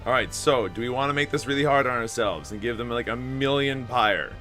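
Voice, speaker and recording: A man's voice: medium pitch, a little fast, sharp tone, faint music behind. A man giving casual, joking let's-play commentary with a strained throat. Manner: casual, joking, self-deprecating. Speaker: game commentator.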